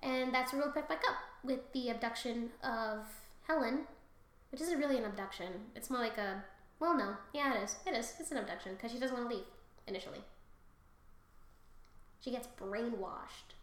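Brief: woman comedy podcast host, profane and animated, sharp bright tone, echoey room. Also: a little high, normal speed. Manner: profane, animated, laughs often. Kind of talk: casual comedic myth retelling.

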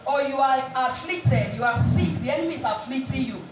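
High-voiced and brisk, a woman preaches while drawing call-and-response answers from her congregation, returning again and again to "praise God" between points. The audio is echoey and distant, with faint music underneath.

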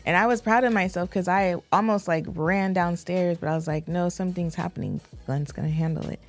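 A woman in her thirties co-hosting a marriage podcast, talking in a relaxed, chatty way with easy laughter. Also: lowish voice, a little fast, soft background music. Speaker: podcast co-host. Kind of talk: casual chat.

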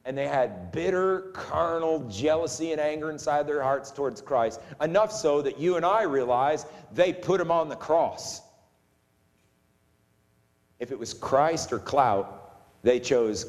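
A man preaching a sermon in an animated way, acting out the voices of the people in his story. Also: medium pitch, measured pace. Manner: animated, acts out voices of the crowd. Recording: long hall reverb.

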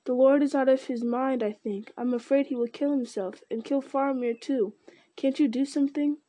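A woman's voice: high voice, normal speed, warm tone, no room sound, voice pushed up, natural voice. A woman reading aloud, voicing a frightened young male hobbit who pleads in breathless, tumbling words. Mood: frightened pleading. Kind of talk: audiobook character voice.

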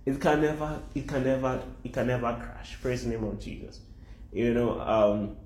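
A man preaching an animated sermon at a middle pitch, repeating his phrases to drive the point home. The recording is roomy and echoey.

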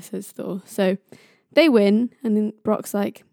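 A woman tells a myth in a chatty, playful manner and jokes about stumbling over hard names. Her voice is warm and mellow. It is recorded dry and close to the mic. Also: mid-range voice, takes it slowly, creaky, no room sound. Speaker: storyteller. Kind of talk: casual myth storytelling.

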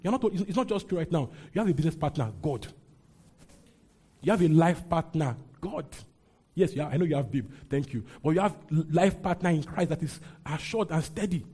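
A male pastor delivers a lively sermon, calling on the congregation to read scripture aloud with him. His voice sits a little high but sounds mellow and warm, with a husky edge. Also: brisk. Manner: call-and-response preaching, leads congregation reading aloud. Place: church with a congregation.

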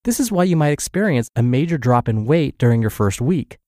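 A man hosting a daily podcast, reading a health blog article aloud in a steady scripted way, slightly stuffed up from the flu. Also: mid-range voice, fairly quick, dry recording, clean studio sound.

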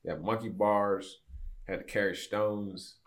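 Deep-voiced man telling a story. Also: unhurried. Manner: animated storyteller, acts out quoted voices. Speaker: podcast guest. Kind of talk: casual storytelling.

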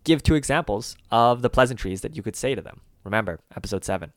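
A man's voice: mid-range voice, animated, no room sound. Man co-hosting a lesson, dry sound. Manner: slows down to name each syllable and its tone. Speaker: co-host of a language lesson. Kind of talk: scripted language lesson.

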